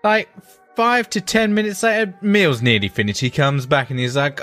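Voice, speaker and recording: A man co-hosting a podcast, telling a story in a casual, animated way and swearing freely. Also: a little high, moderate pace, soft background music. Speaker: podcast co-host. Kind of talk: casual chat.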